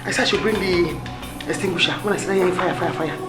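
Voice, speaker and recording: An actor with a Nigerian accent playing a comic henpecked husband in a Nollywood comedy, pleading and blustering, mixing Igbo with pidgin. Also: male voice, high voice, fast, loud music behind the voice, close to an everyday voice.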